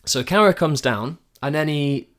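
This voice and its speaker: A man's voice: fairly high pitch, normal speed, a bit bright. A man co-hosting a casual football podcast, ranting animatedly and breaking down tactics like a teacher. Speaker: podcast co-host.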